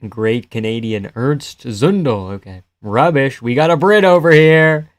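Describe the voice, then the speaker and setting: A man hosting a live fight-reaction stream, chatting loosely and profanely with his viewers and often trailing off quietly. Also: medium pitch, unhurried, no echo. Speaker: live-stream host reading chat.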